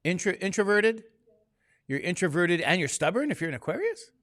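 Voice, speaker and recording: A man's voice: sits high, sing-song, fairly quick, fairly bright tone, dry recording. A man teaching statistics to a classroom, talking casually and constantly quizzing his students with questions. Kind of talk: classroom lecture.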